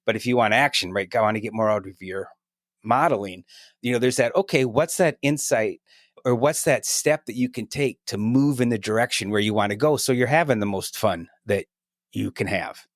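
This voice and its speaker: A middle-aged man talking as a guest in a casual podcast conversation, energetic and chatty, often tagging his points with "right?". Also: fairly low pitch, normal speed, dry recording, clean studio sound.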